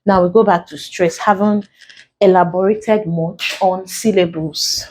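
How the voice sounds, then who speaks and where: A woman with a Nigerian accent teaching an exam prep English lesson, explaining slowly and repeating key terms. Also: on the low side, fairly even intonation, a little mellow, slight background noise. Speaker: English tutor.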